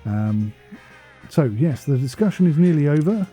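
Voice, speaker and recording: A man's voice: fairly high pitch, animated, moderate pace, warm tone, soft background music. An English man rambling through a casual gameplay commentary voice-over, chatty and self-deprecating, often wandering off on tangents. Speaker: gaming channel host.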